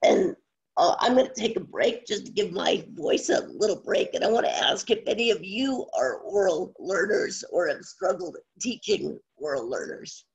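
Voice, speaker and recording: A speaker in their sixties with a very scratchy, strained voice that keeps breaking, giving an online teaching presentation in halting phrases full of pauses and fillers. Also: medium pitch, expressive, gravelly, breathy edge. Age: 60s. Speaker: online instructor. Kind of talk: webinar presentation.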